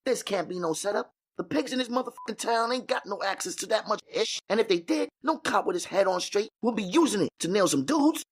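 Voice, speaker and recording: A man reading an audiobook voicing a conceited male drug kingpin with a high-pitched voice that cracks when excited and fast street slang. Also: slight background noise. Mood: excited boasting. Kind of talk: audiobook character voice.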